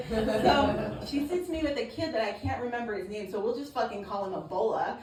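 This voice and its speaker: A woman's voice: fairly high pitch, expressive, brisk, few pauses. A woman doing a stand-up comedy set at an open mic, telling a crude story with lots of swearing. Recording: echoey room, far mic, noisy.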